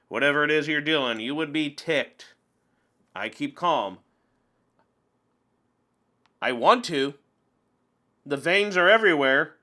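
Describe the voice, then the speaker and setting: A man giving casual, animated commentary while playing an online card game, ranting and laughing as he goes. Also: fairly high pitch. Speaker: gameplay commentator.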